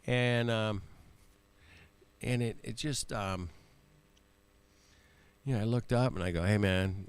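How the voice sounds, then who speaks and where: A laid-back man hosting a livestream talks in a low, gravelly yet smooth voice. He laughs often, swears casually and peppers his talk with man and bro. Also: slow pace, long pauses. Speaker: livestream host. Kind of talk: casual chat.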